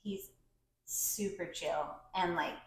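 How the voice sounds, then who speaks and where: A woman's voice: on the low side, slow. A woman co-hosting a podcast, chiming in with short, easygoing remarks. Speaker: podcast co-host. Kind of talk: casual chat. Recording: very echoey room.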